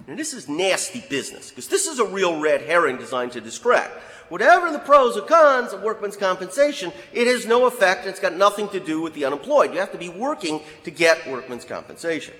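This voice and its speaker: A man giving an anecdotal history talk, an animated storyteller who acts out the quotes he tells. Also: on the high side, fast. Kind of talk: anecdotal lecture. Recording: hall with long reverb.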